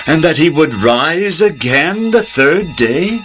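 An actor voicing a calm male angel reminding the women in an audio Bible drama, gentle and instructive. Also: a little high, slow, faint music behind. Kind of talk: radio drama acting.

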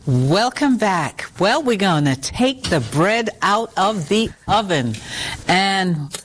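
A woman's voice: medium pitch, big pitch swings, slow, soft background music. A woman hosting a Christian talk show, chatting casually and exclaiming with delight. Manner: warm, enthusiastic exclamations. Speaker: host.

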